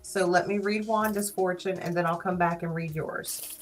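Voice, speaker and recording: A woman with a Southern US accent hosting a casual live stream, playful and teasing, quick to laugh. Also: fairly low pitch, steady tone, soft background music, low-quality recording. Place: small studio.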